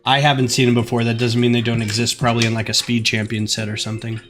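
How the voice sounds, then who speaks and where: A man's voice: medium pitch, little pitch movement, fast talker. Chatty man rambling on a live stream. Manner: rambling, chatty, many fillers. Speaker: live stream host building a model kit. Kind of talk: casual live stream chat. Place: home. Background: faint music.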